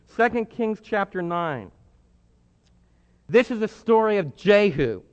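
A man preaching a sermon with emphatic delivery, swinging between hushed and loud. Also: high voice, very animated, takes it slowly. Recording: muffled sound with long hall reverb.

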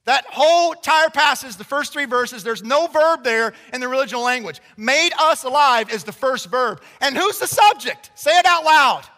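A man preaching a sermon to a congregation, emphatic and conversational, swinging between loud declarations and hushed passages. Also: very high voice, lively intonation, normal speed, hardly any pauses. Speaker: pastor. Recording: long reverb of a large hall.

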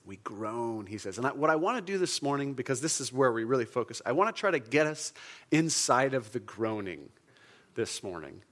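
A man's voice: medium pitch, very animated, fairly quick, fairly bright tone. A man preaching a sermon to his congregation in an earnest, conversational way, leading the room in call-and-response. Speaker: pastor.

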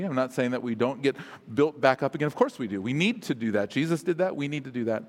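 A man preaching a sermon as pastor, casual and self-deprecating, with humorous asides. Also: mid-range voice. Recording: long hall reverb.

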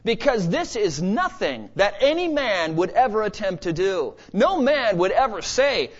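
Male preacher, high and lively pitch, emphatic delivery with dramatic pauses, dull lo-fi recording. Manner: animated, emphatic preaching with dramatic pauses and sudden soft asides. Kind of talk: expository sermon. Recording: slightly dull lo-fi sermon recording.

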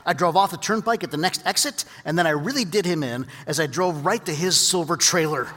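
Male preacher, sermon storyteller, pitched up, echoing through a big hall. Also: a little fast. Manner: lively storyteller, drops to quiet earnest teaching. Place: large hall with audience. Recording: long hall reverb.

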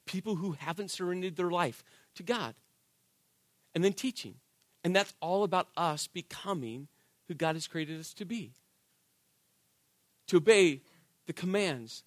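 Male pastor, sermon, high voice, dry close sound, animated, conversational. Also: dry recording. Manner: animated, shouting for emphasis then dropping to soft, intimate delivery; conversational, asks the congregation "right?". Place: church.

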